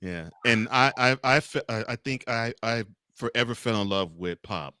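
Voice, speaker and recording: A man co-hosting a sports podcast, talking casually with animated delivery and frequent restarts. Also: medium pitch, moderate pace, clear, resonant tone, no room sound. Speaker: podcast co-host.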